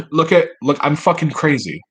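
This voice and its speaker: Guy rambling to his camera at home, kinda husky, swears a lot and jokes about himself. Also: fairly high pitch, lively intonation, a little slow, a bit bright. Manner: rambling, profane, self-mocking. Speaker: vlogger. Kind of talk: rambling solo monologue.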